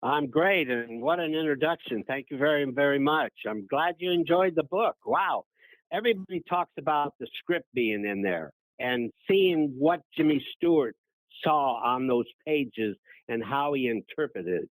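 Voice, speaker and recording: A man's voice: a little high, normal speed, dry recording, low-quality recording. Elderly man telling stories, dry sound. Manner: gracious, anecdotal, animated when quoting others. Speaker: interview guest, former child actor. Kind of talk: storytelling in an interview.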